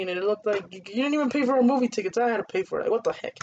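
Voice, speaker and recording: A woman's voice: on the high side, very fast, few pauses, darkish tone. A young woman vlogger telling a casual storytime, rambling and replaying dialogue with "I'm like" and "he's like". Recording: dull lo-fi audio with faint hiss.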